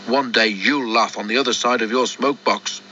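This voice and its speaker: A man's voice: steady tone, moderate pace, bright, forceful tone, a little hiss or hum, natural voice. A man doing Thomas, a boastful little tank engine. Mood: furious. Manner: high, cross, shrill when upset. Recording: dull lo-fi recording.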